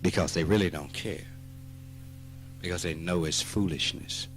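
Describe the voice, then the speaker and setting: Man, Southern US accent, spiritual teacher; slow emphatic delivery with teasing bursts, lower voice, old archive tape with soft music. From Mississippi. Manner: slow, emphatic, teasing, rising to animated outbursts. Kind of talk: spoken dharma talk. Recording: archive talk recording with faint music.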